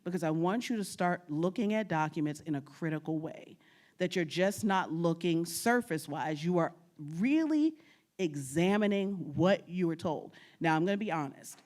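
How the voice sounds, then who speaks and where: A woman's voice: fairly low pitch, moderate pace, a little mellow. A woman from New York giving a humorous talk on genealogy research, telling stories, laughing often and talking straight to the audience. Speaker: guest speaker on genealogy.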